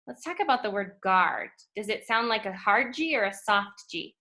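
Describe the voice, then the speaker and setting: A woman teaching a phonics lesson to first graders, speaking slowly and clearly and stretching out letter sounds. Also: medium pitch, lively intonation, sharp tone. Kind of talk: phonics lesson for young children.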